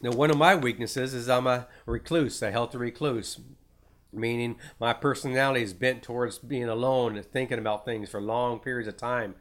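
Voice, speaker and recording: A man's voice: medium pitch, steady tone, moderate pace. A man preaching an informal Bible teaching, rambling, repeating words and restarting his sentences.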